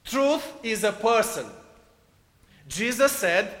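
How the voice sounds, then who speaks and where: A man from Romania with a Romanian accent, preaching a sermon and telling a story in short, deliberate phrases with non-native phrasing. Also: high voice, animated, a bit bright. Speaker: preacher leading a meditation. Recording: echoey hall with long reverb.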